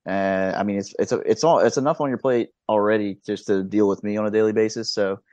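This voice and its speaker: A man in his thirties co-hosts a podcast, chatting loosely and laid-back, stammering into restarts, swearing and laughing along the way. His voice is on the low side, a little mellow, fast and fairly even in intonation. The dry recording has a dull, lo-fi podcast sound.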